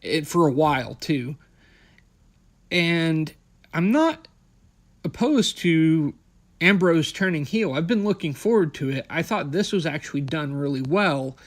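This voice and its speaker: A man's voice: a little high, lively intonation, a little slow. A young man hosting a podcast, recapping wrestling in a blunt, sarcastic, profane way. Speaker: podcast host.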